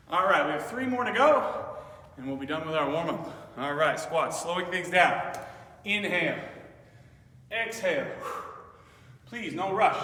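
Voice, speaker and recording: A bright, high-voiced male fitness instructor calls out exercises with upbeat encouragement while slightly winded from moving along. His voice comes from across a large, reverberant gym, picked up at a distance with a faint hum of room noise. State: slightly out of breath. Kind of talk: guided workout instruction. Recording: echoey hall, voice from afar.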